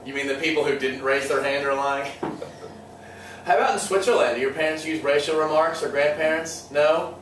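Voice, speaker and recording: A man's voice: fairly high pitch, fairly quick, fairly bright tone, a little hiss or hum. A male history teacher lecturing a class, joking and sarcastic, often quizzing his students. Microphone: far room mic. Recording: echoey classroom from far off.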